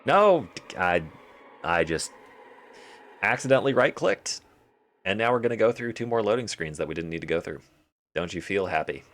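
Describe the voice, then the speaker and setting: A man's voice: lowish voice, very animated, normal speed, pauses often, fairly bright tone. A young man streaming a game live, rambling and joking to himself and to his chat. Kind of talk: casual live-stream commentary.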